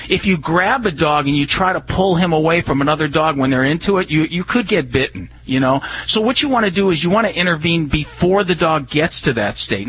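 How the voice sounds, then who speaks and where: A man on a radio talk show, explaining dog behavior and training in a calm, earnest way. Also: fairly high pitch, rough recording. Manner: calm, earnest explaining with many "you know"s. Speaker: dog trainer answering listener questions.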